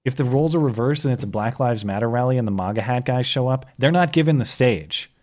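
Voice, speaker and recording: A man co-hosting a casual political chat podcast, talking in a measured, hedging way that invites being proven wrong. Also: mid-range voice, darkish tone. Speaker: podcast co-host.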